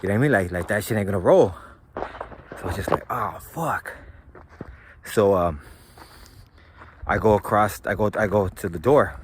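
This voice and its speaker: Laid-back man, low voice. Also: brisk, long pauses, background noise. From San Gabriel Valley, California. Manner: laid-back, slangy and profane, loose rambling delivery. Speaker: vlogger telling his own story. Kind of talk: casual storytelling monologue.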